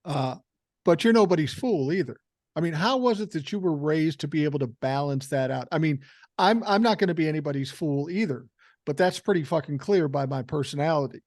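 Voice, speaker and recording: A man's voice: on the high side, lively intonation, fairly quick, a little mellow, no room sound, studio quality. An older man hosting a podcast in casual conversation, blunt and swearing freely, often repeating words as he starts a thought. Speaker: podcast host.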